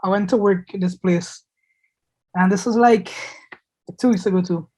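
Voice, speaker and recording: A young man from Trinidad with a Trinidadian accent, telling quick stories and laughing in a casual podcast chat. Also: high voice, fairly even intonation, a little mellow.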